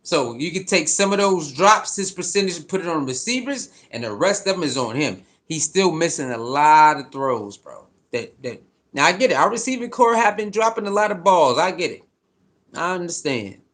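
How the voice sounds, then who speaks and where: A fired-up man rants about his football team, cursing and repeating himself to drive his points home. His voice sits high and swoops around constantly. He sounds like a commentator who is fed up. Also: big pitch swings, moderate pace, a bit bright. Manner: fired-up, profane, repetitive. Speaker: sports commentator. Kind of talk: heated sports commentary rant.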